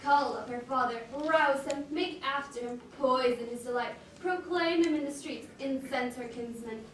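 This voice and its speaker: A woman plays a bitter, scheming soldier, declaiming with scorn in a high voice. The sound is very echoey and distant, with faint room noise. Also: moderate pace, close to an everyday voice. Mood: scornful. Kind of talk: amateur stage acting.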